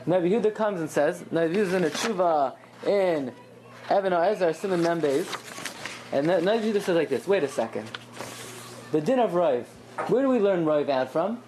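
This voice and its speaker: Animated Talmud teacher, woman. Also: lowish voice, a little fast, slight background noise. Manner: animated, acts out quoted voices, questioning and answering. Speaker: Torah teacher. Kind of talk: lively Talmudic lesson.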